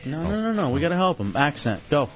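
A man's voice: a little high, very animated, fast talker, faint music behind. A man hosting a radio show, bossy and teasing as he pushes a co-worker around in casual banter. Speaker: radio host. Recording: muffled radio broadcast.

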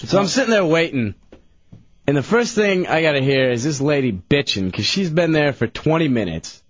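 A man's voice: on the high side, normal speed, no echo, lo-fi sound. A young man, a regular on a radio talk show, telling a rambling story and slipping into voices. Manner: rambling, animated, doing voices. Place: radio studio.

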